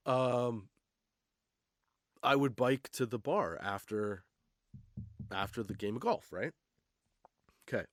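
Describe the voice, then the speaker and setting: A man's voice: lowish voice, no room sound, studio quality. Laughing, swearing male podcast host. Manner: laughs often, swears freely. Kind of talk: casual comedic storytelling.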